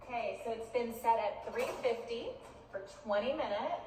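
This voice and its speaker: A woman's voice: on the high side, normal speed, darkish tone. A woman presenting a cooking demonstration in a chirpy, upbeat way. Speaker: cooking video host. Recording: echoey, distant, noisy kitchen clip.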